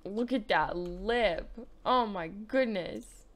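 A woman's voice: medium pitch, animated, measured pace. A young woman giving casual let's play commentary, playfully bossing around the characters in her game. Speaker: gaming YouTuber.

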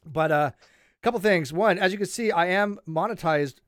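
A man's voice: high voice, normal speed, no echo, clean studio sound. A man hosting a casual livestream chat, joking and teasing his guests. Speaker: livestream host.

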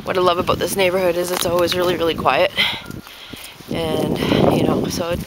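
A woman's voice: fairly low pitch, level tone, brisk. A woman talking casually to the camera while walking her dog outdoors, a little out of breath and rambling with lots of fillers. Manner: rambling, chatty, many fillers. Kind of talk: casual walk-and-talk vlog. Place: outdoors in a neighborhood park. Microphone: handheld camera while walking. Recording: noisy outdoor camera audio. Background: outdoor noise.

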